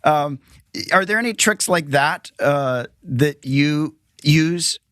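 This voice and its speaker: A man hosting a podcast, chatting casually and acting out quick quotes in a friendly way. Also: fairly high pitch, fairly bright tone, no room sound, clean studio sound. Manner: friendly, talks in quick bursts with acted-out quotes. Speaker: podcast host. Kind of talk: casual interview chat.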